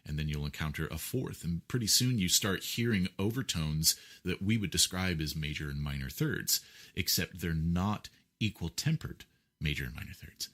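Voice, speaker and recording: Very deep-voiced man explaining at length. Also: moderate pace, a bit bright. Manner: lecturing, with many fillers and rhetorical checks. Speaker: guest musician. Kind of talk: explanatory interview talk.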